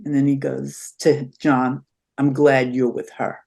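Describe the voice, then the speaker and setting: A woman's voice: very deep voice, measured pace, vocal fry. An older woman, an interview guest, telling stories in a conversational way and acting out what people said. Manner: animated storyteller acting out quotes.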